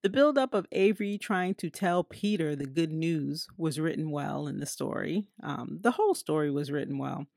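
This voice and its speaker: Woman movie reviewer, low and dry, chatty, laughs often and fills pauses. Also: expressive, gravelly, darkish tone, no room sound. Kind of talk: casual spoken movie review.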